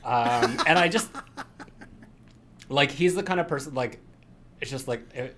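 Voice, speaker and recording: A man's voice: medium pitch, measured pace, pushed and bright, slight background noise. A man co-hosting a podcast in casual chat, rambling with lots of fillers and frequent laughs. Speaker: podcast co-host.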